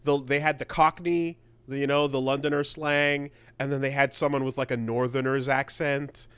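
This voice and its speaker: A man's voice: mid-range voice, flat delivery, normal speed, a bit bright, clear, resonant tone, no room sound. A man co-hosting a podcast in casual chat, rambling with lots of restarts. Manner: rambling, many fillers and restarts. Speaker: podcast co-host.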